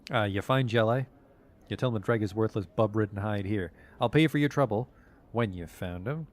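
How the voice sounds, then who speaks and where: A man reading as a gruff, scornful dock foreman. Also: on the low side, brisk, natural voice. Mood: curt. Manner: brusque, scornful. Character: huge gruff hunched male dock foreman.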